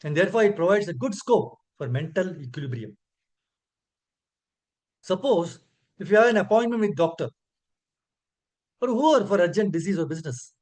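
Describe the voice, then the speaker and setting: Male preacher, Indian English accent, pitched high, earnest teaching tone with slow chanted recitations. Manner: earnest, asks listeners "correct?". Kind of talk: scripture class.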